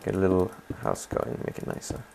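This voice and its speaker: Here a gaming channel host talks briskly in a mellow voice, with a little hiss or hum on the audio. It's let's play commentary: he rambles chattily over his own playthrough and regularly asks viewers to weigh in.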